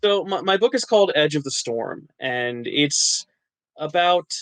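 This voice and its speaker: A man's voice: on the high side, expressive, a little slow, no room sound, poor audio. Chatty self-deprecating man, dry close sound. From New Jersey. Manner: chatty, self-deprecating, laughs often, frequent restarts. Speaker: interview guest, actor and writer. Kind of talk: casual interview chat.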